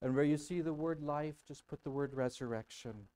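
A man preaching a sermon as pastor in a church, dramatic and emphatic, repeating words for weight and swinging from hushed murmurs to loud outbursts. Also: on the high side, normal speed, rough recording. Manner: emphatic repetition. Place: church sanctuary.

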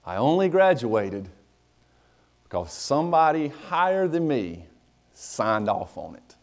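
Preacher, middle-aged man, lively pitch, storytelling sermon voice. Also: slow pace, long pauses. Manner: animated storytelling, acting out dialogue. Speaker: pastor.

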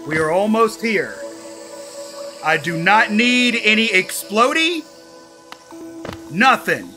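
A man playing a video game and commenting excitedly, talking to himself as he goes. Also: sits high, slow, soft background music. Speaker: gaming YouTuber. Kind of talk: let's play commentary.

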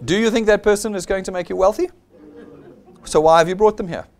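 A man with a South African accent presents a blunt, persuasive motivational sales seminar, acting out the people he quotes. His voice is high-pitched and he talks fast.

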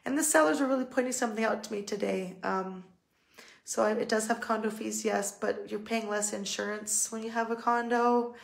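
A woman's voice: a little high, fairly even intonation, fairly quick, gravelly. A Canadian woman, a real estate agent, walking through a house on a live video and talking in a chatty, upbeat way full of fillers and restarts. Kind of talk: live video home tour.

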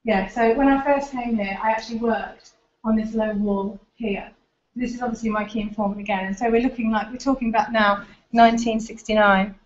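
A woman gives an informal seminar talk in a lecture room, explaining and pointing at pictures on her slides. Her voice is a little high and brisk with fairly even intonation, and the recording is roomy and dull.

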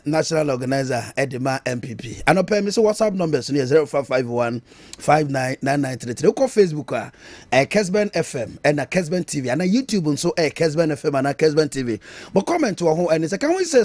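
Animated Ghanaian talk host. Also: male voice, sits high, dry recording. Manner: animated, mixing Twi and English, laughing at his own jokes. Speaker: radio and TV talk show host. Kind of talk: political talk show commentary.

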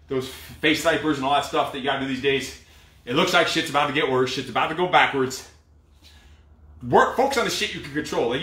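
A man, a fitness trainer, calling out workout combos and giving a blunt, profane pep talk, out of breath. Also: fairly high pitch. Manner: shouted drill cues, profane motivational talk. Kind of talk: live workout coaching. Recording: echoey room, from far off mic.

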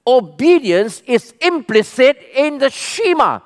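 A man's voice: sits high, sing-song, unhurried. A man with a Malaysian English accent preaching a sermon as pastor to a church congregation, emphatic and full of questions to the people. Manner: emphatic, asks questions and calls the congregation to respond.

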